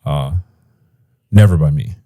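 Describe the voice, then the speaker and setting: Deep mellow-voiced man, casual podcast chat. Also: measured pace. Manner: animated, slips into mocking voices and slang. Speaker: podcast co-host. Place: at home. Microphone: podcast mic.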